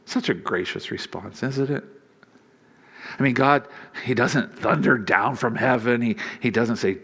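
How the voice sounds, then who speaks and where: A man's voice: mid-range voice, measured pace, breathy edge. Joking, conversational man preaching. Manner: conversational and humorous, chuckling often; acts out quoted lines in a lively voice. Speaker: pastor. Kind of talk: sermon.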